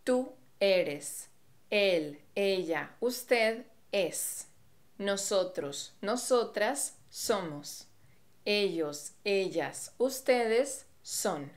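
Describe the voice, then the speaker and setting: A woman's voice: mid-range voice, animated. Woman from Colombia teaching Spanish. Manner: clear, measured teaching delivery. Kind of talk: language lesson.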